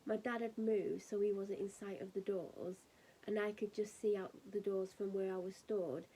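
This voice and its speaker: A woman's voice: mid-range voice, warm tone, a little hiss or hum, rough recording. A woman chatting casually to camera as a vlogger, rambling through an exasperated story with lots of fillers. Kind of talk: casual chat.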